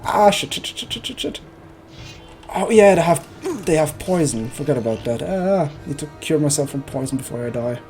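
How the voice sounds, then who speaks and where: A man's voice: fairly high pitch, animated, moderate pace, darkish tone, faint music behind. A man streaming a video game, joking and thinking aloud as he plays. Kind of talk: casual let's play commentary.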